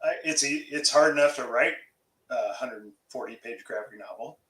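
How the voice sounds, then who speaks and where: Middle-aged male guest, candid and relaxed, echoey room sound. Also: medium pitch, normal speed. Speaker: comics writer guest. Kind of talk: casual interview chat.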